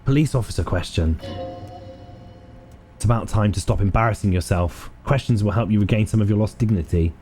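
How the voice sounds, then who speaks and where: Man reading game text in a mellow voice. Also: on the low side, brisk, soft background music. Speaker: video game player and narrator.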